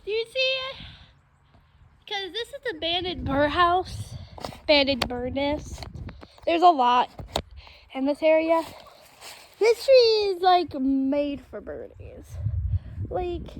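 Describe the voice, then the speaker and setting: A woman's voice: high voice, sing-song, slow, pauses often, poor audio. A woman chatting casually to her viewers while walking around a backyard outdoors, filming herself on a phone. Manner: chatty, talks to viewers as guys. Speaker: vlogger. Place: outdoors in a backyard with trees and chickens. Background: faint wind noise.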